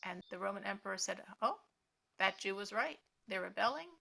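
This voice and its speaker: Woman Torah teacher, storyteller, lively and bright, voices the characters. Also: mid-range voice, fairly quick, creaky.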